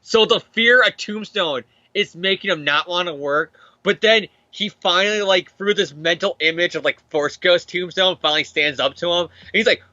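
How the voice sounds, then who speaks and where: A man's voice: sits high, normal speed, hardly any pauses, sharp tone, no room sound, dull audio. A man hosting a casual comic book recap show, rambling, laughing often and acting out characters. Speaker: podcast host.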